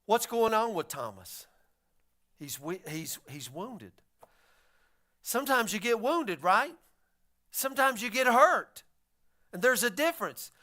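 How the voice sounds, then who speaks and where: A man preaching a sermon, telling stories in a folksy, animated way. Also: high-pitched, a little slow, pauses often. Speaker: pastor.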